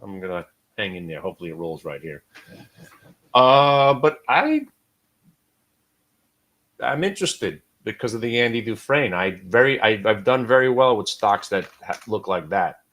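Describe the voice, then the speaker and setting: A middle-aged American man hosting a live stock trading room, talking casually and with swings between loud and quiet. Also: lowish voice, animated, a little fast.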